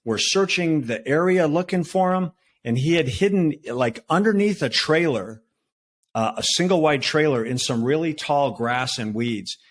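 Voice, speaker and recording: A man in his sixties, a retired federal agent, telling his story as a podcast guest in relaxed talk with fillers and restarts. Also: a little high, moderate pace. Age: 60s. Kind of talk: conversational storytelling.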